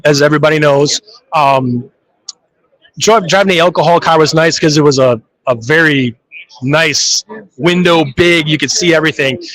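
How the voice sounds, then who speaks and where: A man's voice: on the high side, fairly bright tone, no room sound, rough recording. A man who drives funny cars, telling stories in a live interview and acting out his own reactions. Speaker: funny car drag racer. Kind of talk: live trade show interview.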